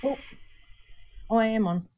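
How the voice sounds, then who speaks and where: A woman's voice: on the high side, measured pace, dark tone, slight background noise. A New Zealand woman co-hosting a casual livestream, chatty and bubbly, calling viewers darling and honey. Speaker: vape show co-host.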